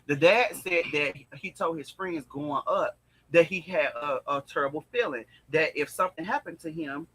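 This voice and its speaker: A man with a husky yet bright, slightly high voice. He chats in a sassy, dramatic way, calling people girl and honey, and trades quick lines in the talk. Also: animated. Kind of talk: casual chat.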